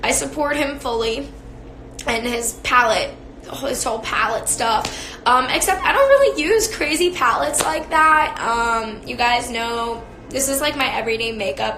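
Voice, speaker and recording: With a fairly high pitch and a bright, forceful tone, a young beauty influencer talks casually to viewers over a phone live stream. She's chatty and giggly, leaning on lots of fillers. Slight background noise, an echoey room, and faint ambience accompany her.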